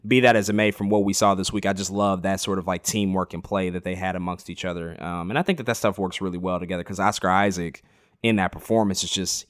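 A man's voice: low voice, no room sound, studio quality. A man co-hosting a podcast, talking casually about a TV episode with lots of fillers and restarts. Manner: enthusiastic, many fillers and restarts. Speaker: podcast co-host.

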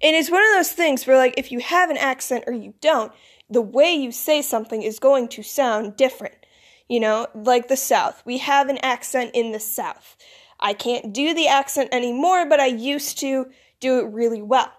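Teen girl, casual monologue, fairly high voice, rambling, lots of "like". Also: normal speed. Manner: filler-heavy, rambling, lots of "like". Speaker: vlogger.

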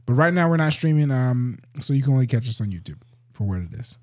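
A man's voice: mid-range voice, very animated, fast, darkish tone. A young male podcast host talking casually with his friends. He is laid-back and full of slang, and he laughs easily between points. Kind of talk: casual chat.

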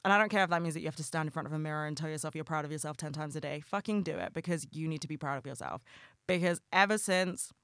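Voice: mid-range voice, very fast, fairly bright tone, no room sound, clean studio sound. A young adult host talking casually and passionately on a solo podcast, swearing freely and rambling with lots of fillers.

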